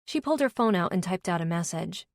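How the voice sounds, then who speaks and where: A woman narrating a romance audiobook in first person, steady and even, on a close studio mic. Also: lowish voice, fast talker, no room sound.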